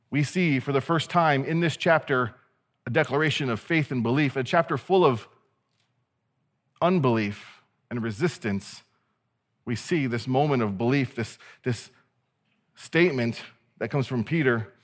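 A man preaching a sermon as pastor, animated and conversational, with playful asides to his listeners. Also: mid-range voice, moderate pace.

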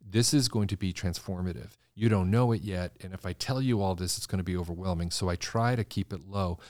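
Low-voiced man telling lively stories. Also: fairly quick, no echo, studio quality. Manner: animated, acts out quoted voices. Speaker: interior designer guest. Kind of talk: conversational interview storytelling.

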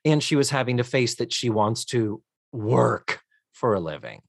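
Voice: medium pitch, expressive, a little slow, vocal fry, dry recording, clean studio sound. A podcast co-host chatting casually and with exasperation while recapping a TV episode, swearing freely.

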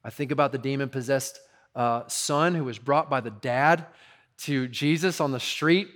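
A pastor preaches with easygoing, conversational urgency, frequently slipping in "like" and "you know." His voice is fairly high for a man and a bit bright, and he keeps a moderate pace.

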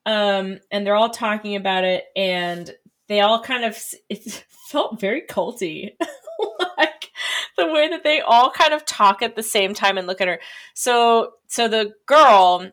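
A woman co-hosting a casual podcast, wry and quick to laugh. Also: mid-range voice, fairly bright tone. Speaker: podcast co-host. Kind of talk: casual chat.

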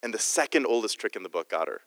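A man's voice: fairly low pitch, lively intonation, fast, fairly bright tone, no echo, big-room sound. A man preaching a sermon in a jokey, conversational way, often restarting his sentences. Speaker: guest preacher.

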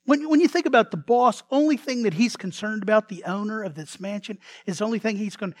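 Animated male pastor, dry close sound. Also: high-pitched, fairly quick, hardly any pauses, no room sound. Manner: animated storytelling, acts out characters' lines; repeats words and restarts often. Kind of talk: sermon.

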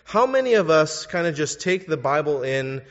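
A man's voice: fairly high pitch, sing-song, moderate pace. Man preaching in an echoing church. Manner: questioning, urges listeners to think. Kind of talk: sermon. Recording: dull sound in a reverberant hall.

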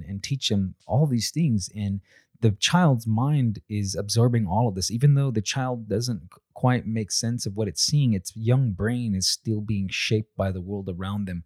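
A young father speaking in a measured way, often repeating words as he gathers his thoughts while sharing family traditions. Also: on the low side, darkish tone, no echo, studio quality. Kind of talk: reflective talk.

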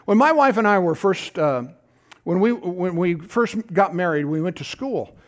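High-voiced man preaching folksy. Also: normal speed. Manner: folksy, animated preaching with rhetorical asides. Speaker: pastor. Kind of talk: sermon.

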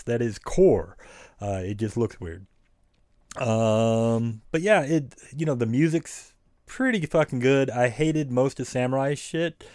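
A man's voice: mid-range voice, mellow, dry recording, clean studio sound. A man co-hosting a podcast, chatting casually and frankly about a game, rambling and swearing freely. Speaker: podcast co-host. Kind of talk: casual review chat.

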